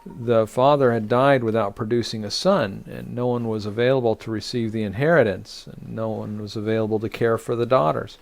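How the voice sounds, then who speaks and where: Halting, gravelly-voiced rabbi teaching Torah. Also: male voice, medium pitch, steady tone. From United States. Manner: halting, many "uh" fillers and restarts. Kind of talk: online Torah study teaching.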